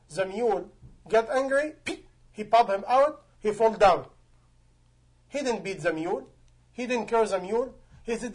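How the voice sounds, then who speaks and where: High-voiced male preacher, emphatic. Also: slightly rough. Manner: emphatic, rhetorical questions, non-native grammar. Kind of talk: sermon.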